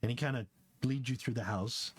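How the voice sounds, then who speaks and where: A man's voice: mid-range voice, fairly even intonation, a little fast, husky. A man narrating a tabletop game as game master, loose and jokey, with lots of fillers.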